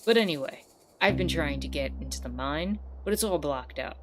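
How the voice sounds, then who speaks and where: A woman voicing an easygoing, gold-loving sloth who talks in a relaxed, hesitant way. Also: sits low, normal speed, noisy background. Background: guitar music.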